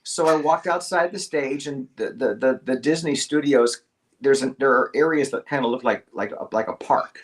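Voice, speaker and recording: A middle-aged man, a guest voice actor, telling a casual anecdote over a video call and acting out the quotes and squeaks. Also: moderate pace. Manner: animated storyteller, acts out quotes and squeaks.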